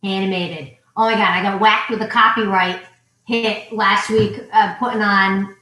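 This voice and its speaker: A woman's voice: mid-range voice, steady tone, moderate pace, sharp tone. Chatty woman feeling sick, roomy echo. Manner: chatty, teasing. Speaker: co-host of a couple's vlog. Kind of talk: casual live chat.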